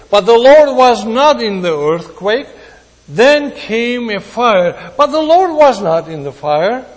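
A man preaching a sermon, earnest, with pauses and restarts, his voice rising and dropping. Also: high voice, big-room sound, low-quality recording.

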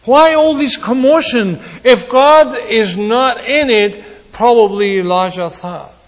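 A man preaching a sermon, earnest, with pauses and restarts, his voice rising and dropping. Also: extremely high pitch, in a large hall, poor audio.

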